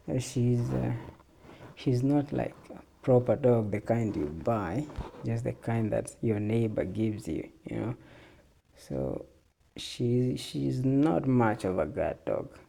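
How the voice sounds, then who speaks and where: A man's voice: medium pitch, creaky, warm tone. A man hosting a casual solo podcast, laid-back, laughing often and swearing freely. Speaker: podcast host.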